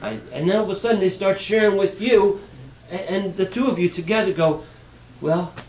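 A man's voice: high-pitched, fairly quick, a little mellow, slight background noise. A male pastor giving a conversational, playful sermon, asking the congregation questions.

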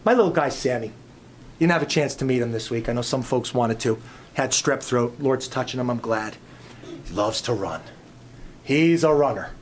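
A middle-aged man preaching a sermon, telling stories and swinging between loud emphatic peaks and soft low asides. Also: animated, moderate pace, a little hiss or hum. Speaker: pastor.

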